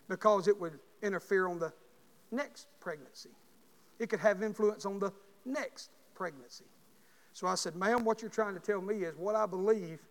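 A man, preaching a sermon in a church by telling a story, rising from quiet talk to shouting. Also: high voice. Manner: builds to shouting. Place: church sanctuary. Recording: long hall reverb.

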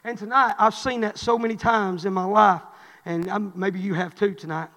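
A middle-aged man, a pastor preaching a sermon, swinging between fervent, rising exhortation and quiet storytelling. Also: high voice, fairly even intonation, moderate pace, in a large hall. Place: church.

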